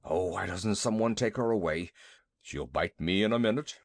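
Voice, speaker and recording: A man's voice: sits low, normal speed, no room sound, pitched below the performer's own voice. A man voicing a huge, timid, fussy male elephant that blusters and grumbles. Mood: flustered.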